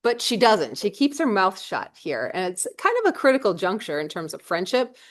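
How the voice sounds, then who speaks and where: A woman's voice: medium pitch, very animated, moderate pace. Chatty woman teacher. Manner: chatty, paraphrases in modern slang. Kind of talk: casual classroom explanation.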